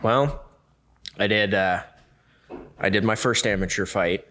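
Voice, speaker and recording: A man telling a story as a podcast guest, lively and acting out the other people in it. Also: fairly low pitch, measured pace. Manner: lively, acts out the other people in his stories. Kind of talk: casual storytelling.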